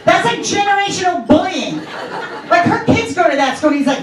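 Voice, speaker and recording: A woman's voice: very high-pitched, a little fast. A middle-aged woman performing a stand-up comedy set on a club stage, telling sardonic stories about marriage and her sons. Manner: animated, sardonic storytelling. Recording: roomy club, distant mic, crowd laughter.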